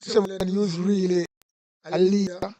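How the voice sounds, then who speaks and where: A man's voice: high-pitched, flat delivery, a little slow, a crowd in the background. A man with a Jamaican accent giving heated, repetitive political commentary in casual patois-laced talk.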